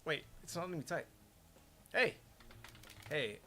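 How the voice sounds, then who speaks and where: A man's voice: a little high, animated, measured pace. A young man streaming a game, chatting casually and joking, laughing at his own fumbles. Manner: joking, playful, laughs at himself. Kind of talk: casual gaming chat. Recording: loud keyboard typing noise. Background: keyboard clicks and typing.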